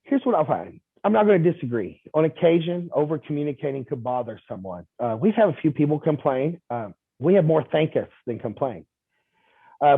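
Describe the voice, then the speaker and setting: A man recounts sales anecdotes in an easygoing interview, slipping into the voices of the people he quotes and padding his sentences with ums and uhs. His voice sits a little high for a man. The sound is dry and thin, like a phone call. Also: slightly rough, no echo. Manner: lively anecdotal telling with quoted dialogue and fillers. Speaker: insurance agent guest. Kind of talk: casual interview storytelling. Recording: tinny phone-like line.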